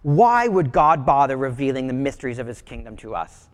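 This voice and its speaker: A man's voice: mid-range voice, sing-song, a little fast, big-room sound. A man giving a sermon as pastor, preaching in a conversational, storytelling way.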